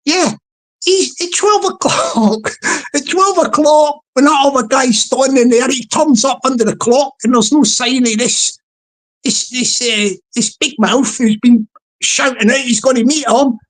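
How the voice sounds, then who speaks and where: A woman's voice: sits high, fairly even intonation, normal speed. A woman hosting her own channel in a chatty, mocking monologue, often laughing and repeating words. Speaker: channel host. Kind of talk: casual rambling vlog monologue.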